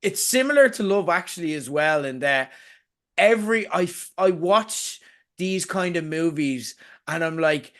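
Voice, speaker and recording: A man's voice: fairly high pitch, lively intonation, unhurried, a bit bright. A man co-hosting a podcast in casual chat, ranting with sarcasm and swearing, mocking what he dislikes. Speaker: podcast co-host.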